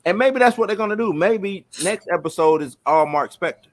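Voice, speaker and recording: A man co-hosting a casual show review, talking in a relaxed, conversational way. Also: sits high, brisk. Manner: relaxed, conversational, "you know what I'm saying". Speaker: podcast co-host. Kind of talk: casual chat.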